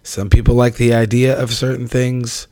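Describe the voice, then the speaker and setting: A man's voice: medium pitch, flat delivery, moderate pace, dark tone, dry recording. A man hosting a podcast, giving a frank, opinionated and profane closing commentary on his own. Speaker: podcast host. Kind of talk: solo outro commentary.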